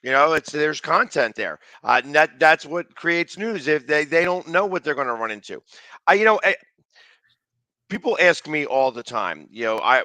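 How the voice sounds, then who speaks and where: A man hosting a sports talk show who talks loudly and rambles, often restarting his sentences. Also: a little high, expressive, moderate pace, dry recording. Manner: loud, talkative, rambling with restarts.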